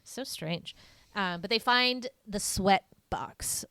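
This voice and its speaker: A woman's voice: takes it slowly, a bit bright, clear, resonant tone, no echo. A young woman co-hosting a podcast, recapping a film in rambling casual chat full of fillers. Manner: rambling, filler-heavy storytelling, many "like"s; acts out character lines in a higher voice. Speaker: podcast co-host.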